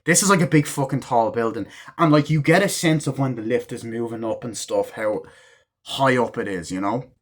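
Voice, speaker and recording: Man, casual rambling talk, lots of fillers, mid-pitched voice, swears now and then. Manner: acts out characters' lines in quick snippets. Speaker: movie reviewer. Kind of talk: casual spoken review.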